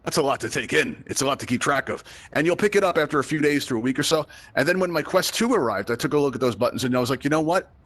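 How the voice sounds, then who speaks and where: A Brooklyn man, a virtual reality event host and instructor, leads a live VR tutorial in an animated, slightly bright mid-range voice. He talks very fast with hardly any pauses, chatting and joking while often checking in with the audience by asking "right?".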